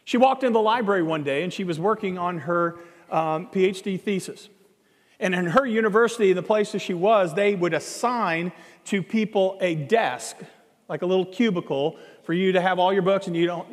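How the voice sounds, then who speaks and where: A man preaching a sermon, telling a story in a conversational, animated way and acting out the dialogue. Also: high voice, a little fast. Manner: animated, acts out quoted dialogue, conversational asides. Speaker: pastor. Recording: long hall reverb.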